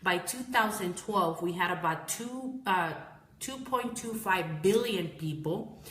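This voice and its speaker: A woman's voice: on the low side, takes it slowly, a bit bright, echoey room. Tired woman live-streaming a casual talk. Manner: rambling, self-correcting, addresses viewers as guys. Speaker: business owner giving a live-streamed marketing talk.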